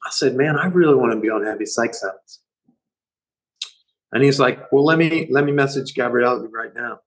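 A middle-aged man tells a long story as an interview guest, rambling and swearing freely. He gets animated as he retells conversations, and his voice sits at an ordinary middle pitch. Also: moderate pace, poor audio. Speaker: band musician guest.

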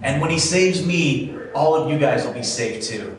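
A hopeful young boy calling out from under the rubble, as a preacher puts him on, earnest and a little higher than an everyday voice. The sound bounces heavily around a large, echoey room. The mic sits a fair way off. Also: expressive, moderate pace, far from the mic, a little hiss or hum, lightly acted.

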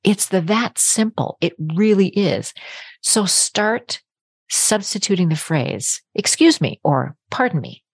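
A woman's voice: mid-range voice, lively intonation, slow, creaky, breathy edge, dry recording, clean studio sound. A woman hosting a self-help podcast, talking straight to the listener in a direct, encouraging way. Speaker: podcast host and coach.

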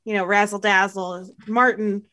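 A woman's voice: mid-range voice, flat delivery, normal speed, sharp tone. A woman co-hosting a movie podcast in casual chat, playful and giggly as she reads out names. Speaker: podcast co-host.

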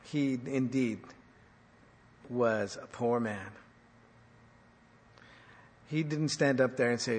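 A male pastor preaching a sermon, swinging between loud and soft, asking the congregation questions. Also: medium pitch, slow pace, pauses often. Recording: echoey hall reverb.

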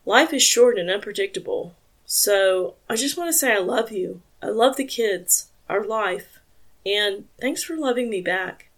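An earnest, tender husband speaks quietly and sincerely in an audiobook, read by a woman. His delivery is soft and low-key, at an ordinary middle pitch. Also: expressive, a little slow, far from the mic. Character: soft-spoken man, a wife's earnest husband.

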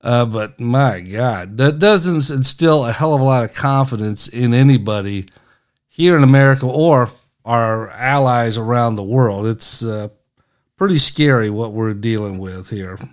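A man's voice: mid-range voice, unhurried. A middle-aged man hosting a casual political commentary, talking in a sarcastic, mocking, folksy way.

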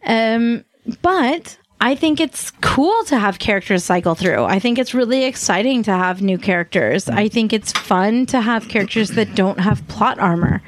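A woman's voice: mid-range voice, animated, moderate pace. A woman in casual podcast chat, thinking aloud about her next game character with some hesitation. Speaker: tabletop game player on a podcast.

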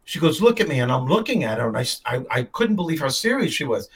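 A man's voice: medium pitch, sing-song, fast talker, slightly rough, low-quality recording. An older man hosting a show, telling stories in an emphatic, heartfelt way. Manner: storytelling, emphatic. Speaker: host. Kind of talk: casual chat.

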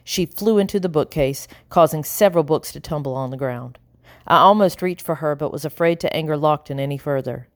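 A woman reading an audiobook in a measured, expressive narrating style. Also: low voice, no echo, studio quality. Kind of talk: scripted narration.

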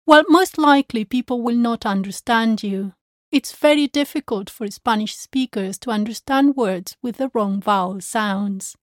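A woman Spanish teacher drilling pronunciation, speaking slowly and enunciating each word with care. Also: a little high, no room sound, studio quality. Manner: slow, carefully enunciated drilling. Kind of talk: pronunciation lesson.

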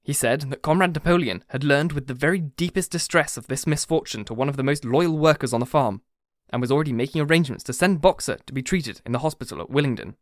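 A man's voice: a little high, quick pace, few pauses, dry recording. Man reading an audiobook, dry close sound. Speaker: audiobook narrator. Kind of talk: scripted narration.

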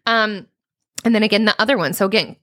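A woman coach in her thirties talks through a casual solo podcast episode. She is animated and profane, and she slips into high mock voices whenever she quotes someone. The sound is dry and close, with no room in it. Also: fast, dry recording.

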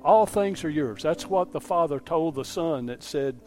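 A man's voice: a little high, normal speed, few pauses, darkish tone, faint music behind. A man preaching a sermon as pastor in a folksy storytelling way, often asking "Amen?" to the congregation. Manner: folksy preaching, repeats "Amen?", tells stories.

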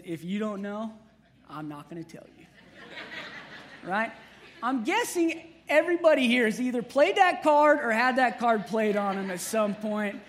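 A man's voice: very high-pitched, fairly bright tone. A man, preaching a conversational sermon with humorous asides to the congregation. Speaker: pastor.

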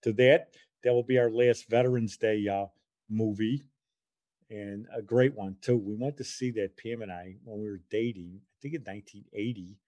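A man's voice: fairly low pitch, steady tone, normal speed, mellow, dull audio. A man in his sixties hosting a podcast, talking in a chatty, rambling, homespun way. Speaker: podcast host. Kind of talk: casual podcast monologue.

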